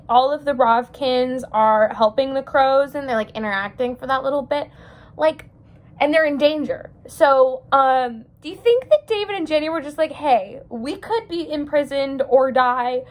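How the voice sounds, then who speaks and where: A young woman talking in a casual vlog about a book she loves, gushing and excitable, often laughing between sentences. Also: sits high. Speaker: book vlogger.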